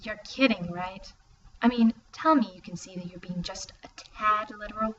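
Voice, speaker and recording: A woman's voice: medium pitch, moderate pace, fairly bright tone, close to an everyday voice. A woman reading an audiobook, voicing a sarcastic, dramatic teenage girl with a mocking, exasperated manner. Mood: incredulous. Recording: distant, muffled, faint hiss.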